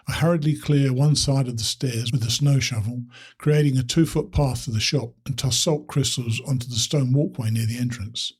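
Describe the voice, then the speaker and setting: A man reads a first-person story aloud, steady and reflective in his telling. His voice has a husky, breathy grain at a middle pitch for a man. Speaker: narrator.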